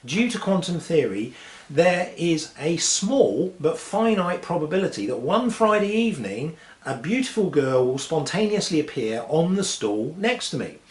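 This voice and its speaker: Morose mathematician voiced by a man, slow, solemn, earnest, echoey room. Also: on the high side, big pitch swings. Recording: roomy echo.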